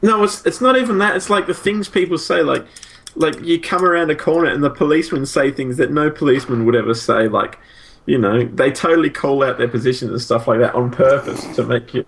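A man's voice: medium pitch, fairly quick, creaky, slight background noise. A man chatting casually about old video games, enthusiastic and rambling, full of fillers and restarts.

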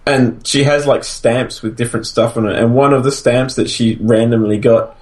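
A man co-hosts a podcast in relaxed conversation, his voice at an ordinary middle pitch. He rambles, circles back and restarts his sentences as he goes. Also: moderate pace. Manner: rambling, restarts often, laughs at own stories. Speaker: podcast co-host. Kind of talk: casual chat.

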